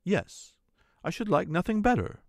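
A man voicing a calm, terse English gentleman who speaks in short, composed phrases, with a gravelly voice. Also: high-pitched, measured pace, no echo, studio quality, voice pushed up, heavily acted. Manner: calm, clipped.

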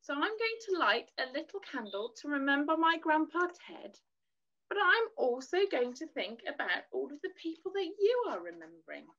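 A woman leading a gentle children's worship lesson, teaching in a soothing sing-song voice and singing simple lines for children to repeat. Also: high-pitched, big pitch swings, normal speed. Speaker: children's church leader. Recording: dull lo-fi recording.

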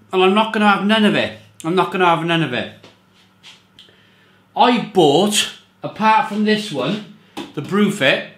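A man's voice: fairly high pitch, bright, forceful tone, reverberant. A man reviewing beer in a casual, rambling monologue, often repeating himself and stressing his points.

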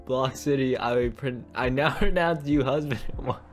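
A man's voice: medium pitch, moderate pace, soft background music, pitched below the performer's own voice, natural voice. A man doing a formal wedding priest. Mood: solemn. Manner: formal and ceremonial. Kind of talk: game role-play.

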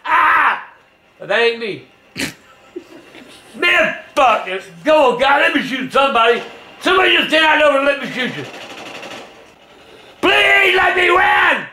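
An older man who yells and curses at a video game he is playing, ranting in angry outbursts. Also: extremely high pitch, very animated, moderate pace, pauses often, reverberant, slight background noise. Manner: cursing, yelling and ranting.

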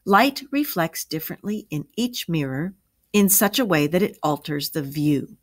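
A woman reading a story aloud and voicing a patient grandfather who calmly explains things to his grandchildren. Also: low voice, moderate pace, no echo, clean studio sound. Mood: explaining. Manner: calm, steady explaining.

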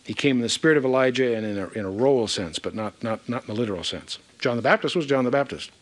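A man's voice: medium pitch, expressive, fast. A man giving a verse-by-verse Bible teaching, reading scripture aloud with emphatic asides.

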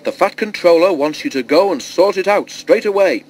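A man voicing a brisk, fussy male station master who gives urgent orders. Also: high-pitched, animated, a little mellow, voice pushed up.

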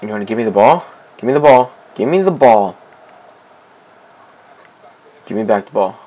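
A young man casually commenting on his own soccer video game match, excitable and repeating himself as he begs teammates for the ball. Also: fairly low pitch, moderate pace, low-quality recording. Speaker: gameplay commentator. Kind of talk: casual let's-play commentary.

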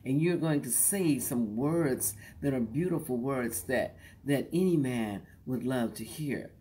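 A woman hosting a show and teaching how to recite poetry, speaking slowly in a relaxed, folksy way and sometimes dropping to a soft whisper. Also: a bass voice, a little hiss or hum. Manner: folksy and joking. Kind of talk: relaxed instructional talk to an online audience.

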